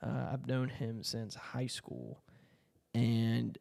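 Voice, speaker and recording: Gravelly, slangy young man rambling. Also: medium pitch, flat delivery, extremely slow, darkish tone, long reverb tail. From Puerto Rico. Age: 20s. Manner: slangy, profane, full of fillers and asides. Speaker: content creator. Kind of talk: casual rambling monologue.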